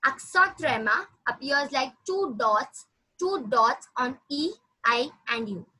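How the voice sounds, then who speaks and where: High, bright woman teaching. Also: expressive, husky, rough recording. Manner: patient, repeats words slowly for the student. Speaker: French teacher. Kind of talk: classroom language lesson.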